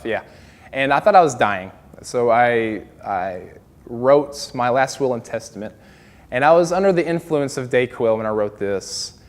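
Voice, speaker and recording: A man's voice: medium pitch, big-room sound. A man doing stand-up comedy, telling stories in a loose, rambling way full of fillers and asides.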